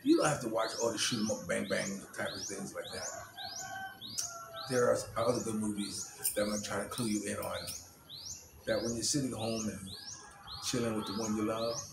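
A man's voice: lowish voice, creaky, background noise. Man casually retelling a story, echoey and distant. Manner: halting, full of "you know" and restarts, acts out quotes. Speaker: vlogger retelling a movie plot. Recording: roomy distant recording, birds chirping.

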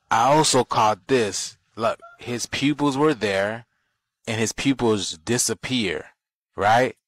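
A man's voice: medium pitch, no echo. A man making a conspiracy video, insistently pointing out details and urging viewers to look.

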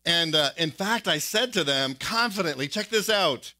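A male pastor preaching a sermon in an animated, storytelling way, reading old quotations aloud with casual fillers. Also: fairly high pitch, moderate pace, hardly any pauses.

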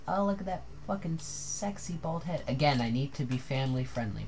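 Excitable, swearing woman gaming. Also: extremely low pitch, fairly quick, hardly any pauses, crowd noise. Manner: profane, excitable, screaming outbursts. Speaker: gamer. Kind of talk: let's play commentary. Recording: game music behind.

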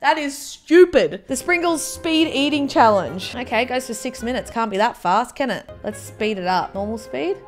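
A woman's voice: fairly high pitch, lively intonation, normal speed, few pauses, faint music behind. A young woman doing chatty, mock-dramatic reaction commentary as a YouTuber.

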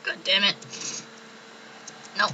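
A woman's voice: slow, pushed and bright, lo-fi sound, slight background noise. A young woman hosting a let's play, giggling, swearing freely and reading game text aloud. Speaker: gaming channel host.

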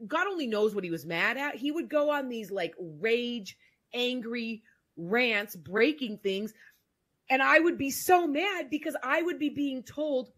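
A woman's voice: high-pitched, a bit bright. A woman guest on a podcast, telling her personal story in a candid, emphatic, casual way, with frequent "like" fillers.

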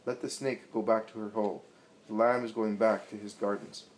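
Jesus speaks in a low, solemn, forceful voice, a commanding teacher in a storybook reading. He declaims every line with grave authority, a man reading him out. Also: level tone, moderate pace, slight background noise, natural voice, rough recording. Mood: stern.

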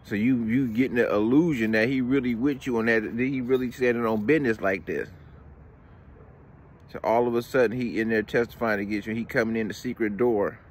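A man ranting casually as a commentary vlogger, heated and profane, tagging lines with "man". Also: lowish voice. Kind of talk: casual rant.

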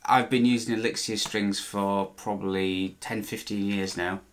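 A man with a lowish voice chats away while he works on a guitar. He rambles, backtracks and corrects himself mid-sentence, and drops in dry asides. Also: fairly even intonation, measured pace. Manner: chatty, meandering, self-correcting, dry joking. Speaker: vlogger restoring a guitar. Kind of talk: casual talk while working.

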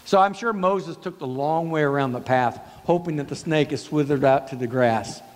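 Male pastor preaching in a reverberant church. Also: normal speed. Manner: storytelling, acts out quoted dialogue with pitch swings. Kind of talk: sermon. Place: church sanctuary. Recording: long church hall reverb.

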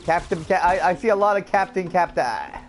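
A man's voice: high-pitched, animated, a little fast. A man from Canada chatting upbeat with viewers as a gaming streamer, laughing often. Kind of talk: casual let's-play commentary.

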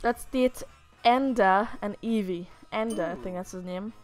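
A woman's voice: medium pitch, a little slow, soft background music. A young woman from Lithuania chatting casually through a matchmaking game, reading the characters' lines aloud in playful voices. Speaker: gaming YouTuber. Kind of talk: casual let's-play commentary.

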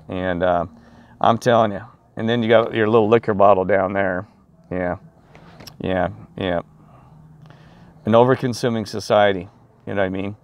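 Man, low voice, rambling preachy street rant, filmed outdoors. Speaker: vlogger.

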